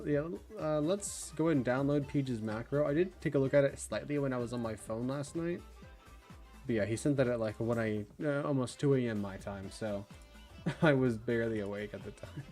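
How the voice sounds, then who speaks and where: A man's voice: medium pitch, moderate pace, darkish tone. A young man hosting a casual livestream, laughing often and thinking aloud while chatting, with faint game music behind him. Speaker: livestream host.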